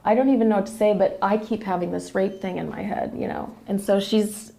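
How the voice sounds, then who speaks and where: A woman's voice: medium pitch, flat delivery, a little fast, warm tone. A woman telling an emotional personal family story as a podcast guest, retelling what others said. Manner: emotional, quotes others in a run of retold dialogue.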